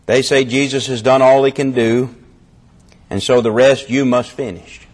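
A man preaching a sermon with fervour, his delivery swinging between loud and hushed. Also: mid-range voice, fairly even intonation, normal speed.

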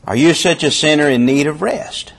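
A man preaching a sermon with fervour, his delivery swinging between loud and hushed. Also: fairly high pitch, normal speed, gravelly.

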